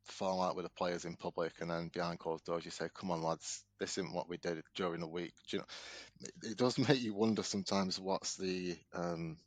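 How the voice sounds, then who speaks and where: A man's voice: sits low, steady tone, a little fast, hardly any pauses, no echo. A man co-hosting a casual football podcast, musing aloud in long rambling questions. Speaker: podcast co-host. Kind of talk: casual chat.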